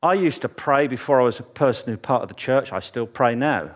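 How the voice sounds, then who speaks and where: A man's voice: medium pitch, lively intonation, brisk. A man preaching a sermon in church, telling chatty, jokey stories with asides to the congregation.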